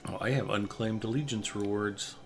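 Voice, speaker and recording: A man's voice: lowish voice, normal speed, gravelly, soft background music. Joking middle-aged man hosting a stream. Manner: joking, wry anecdotal storyteller. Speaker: livestream gaming host. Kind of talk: casual chat while gaming.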